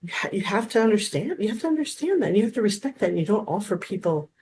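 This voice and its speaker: Animated woman therapist telling stories. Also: medium pitch, fast, slight background noise. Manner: animated, acts out quoted dialogue, frequent restarts. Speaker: therapist, guest. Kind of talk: casual storytelling interview.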